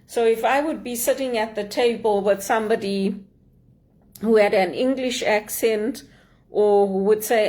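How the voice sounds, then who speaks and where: A middle-aged woman from Zimbabwe with a Zimbabwean accent, giving an earnest, measured motivational talk as a speaker and mentor. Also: medium pitch, mellow.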